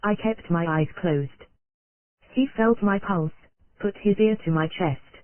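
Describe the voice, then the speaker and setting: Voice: medium pitch, takes it slowly, dry recording. Tinny, machine-read audiobook narrator. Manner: steady, unvaried reading that spells out abbreviations letter by letter. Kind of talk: audiobook narration of an old nonfiction text. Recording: dry, tinny phone-like sound.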